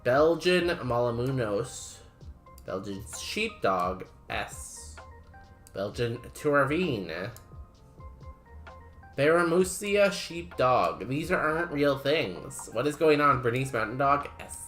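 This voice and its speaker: A man chats on a game livestream, thinking out loud with dry, wry asides. He talks at a slow, leisurely pace. Faint music plays quietly under his voice. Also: mid-range voice, sing-song. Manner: musing aloud, unhurried, wry. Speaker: game streamer. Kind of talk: casual livestream chat.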